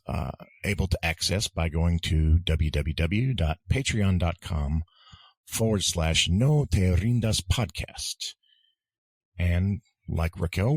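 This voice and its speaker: A man co-hosting a casual language-lesson podcast, relaxed and jokey. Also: sits low, no echo. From United States. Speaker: podcast co-host.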